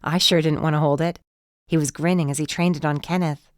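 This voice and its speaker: A woman narrating a mystery audiobook in the first person, in a tense, measured storytelling manner. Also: sits low, fairly even intonation, dry recording, studio quality.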